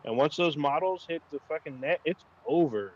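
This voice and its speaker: A man's voice: a little high, normal speed, highs cut off. A man co-hosting a casual gaming chat, rambling with lots of fillers and swearing. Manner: rambling, profane, frequent fillers. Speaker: podcast co-host.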